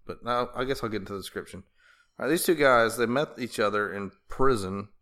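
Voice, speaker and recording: A man's voice: mid-range voice, brisk, pushed and bright. A man co-hosting a podcast in casual chat, rambling through a story with crude jokes and laughter. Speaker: podcast co-host.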